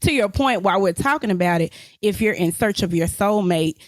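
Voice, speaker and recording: A woman's voice: medium pitch, lively intonation, a little fast, no echo. A woman co-hosting a casual podcast, talking passionately and bluntly, cussing and laughing. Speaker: podcast co-host.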